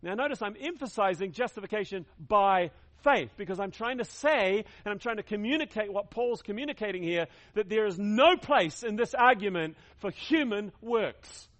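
A man's voice: high voice, animated, moderate pace, hardly any pauses, a bit bright. A man preaching a sermon to his congregation, emphatic, repeating key words and leading them in call-and-response. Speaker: pastor.

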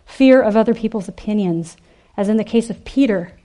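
A woman giving an animated, emphatic sermon to a women's gathering, acting out the quoted voices. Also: mid-range voice, fairly quick. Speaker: speaker at a women's ministry event.

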